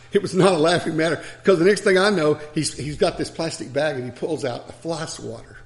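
A man's voice: a little high, brisk. A man preacher delivering a sermon, telling stories with chuckles and asides.

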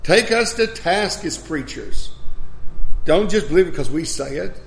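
High-voiced folksy older man preaching. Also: expressive, a little slow, creaky, reverberant, slight background noise. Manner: folksy, emphatic, repeats phrases. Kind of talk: sermon.

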